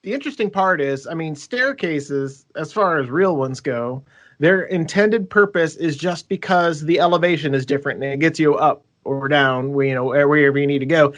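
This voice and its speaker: A man's voice: fairly high pitch, moderate pace. A man co-hosting a casual podcast chat, playful, cracking jokes and asking questions. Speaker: podcast co-host.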